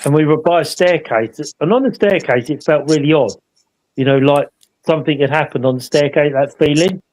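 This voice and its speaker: A man tells a story in a loose, rambling way and keeps checking for agreement with tag questions. His voice sits a little higher than most men's. He sounds like an easygoing co-host chatting on a live show. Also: a little fast, a little mellow, rough recording. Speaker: paranormal investigator co-hosting a live show. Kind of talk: casual anecdotal storytelling.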